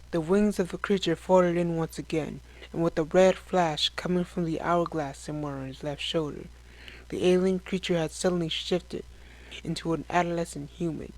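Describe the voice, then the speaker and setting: Brief: male storyteller, fairly high voice, steady descriptive read of a space adventure. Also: poor audio. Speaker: narrator. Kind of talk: scripted story narration.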